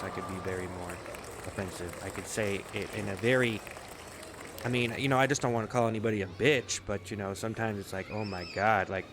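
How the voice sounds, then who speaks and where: A man's voice: fairly low pitch, fairly bright tone, a little hiss or hum. A man ranting in a sarcastic, rambling comedic monologue, swearing often, in a casual vlog. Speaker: vlogger.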